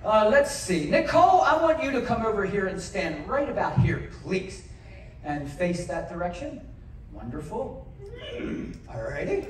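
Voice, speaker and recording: Unhurried and sing-song, a man with a voice that sits high banters with the audience as a variety performer in a large cruise ship theater, egging them on to cheer. The footage is shot from a distance in an echoey hall, with audience noise behind him.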